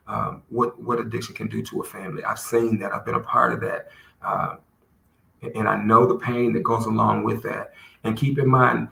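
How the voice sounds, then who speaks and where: A man hosting a podcast, speaking earnestly and emotionally in a heartfelt solo talk, often halting and restarting his sentences. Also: medium pitch, vocal fry, a bit bright. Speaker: podcast host. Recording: roomy echo with faint background noise.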